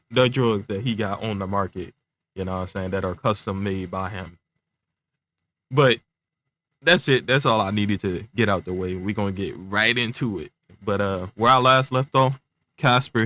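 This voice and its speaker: Young man, low voice, laid-back slang, stuttering, talking around aligners, casual storytelling. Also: a bit bright.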